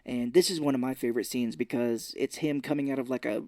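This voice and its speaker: A man co-hosts a film podcast and walks through a movie's plot in an animated, chatty way. His voice sits at an ordinary middle pitch, and the recording is close and dry. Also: fast talker, no room sound. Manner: animated retelling with playful put-on voices. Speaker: podcast co-host. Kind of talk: casual film recap chat.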